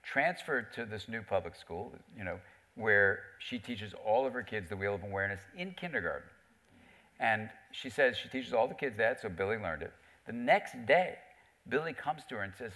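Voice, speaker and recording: A man's voice: on the low side, normal speed. A middle-aged man telling stories on a theater stage, acting out the voices of the people he quotes. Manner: animated storyteller, acts out quoted voices. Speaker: author and psychiatrist guest. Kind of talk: storytelling on stage in conversation. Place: theater stage before an audience.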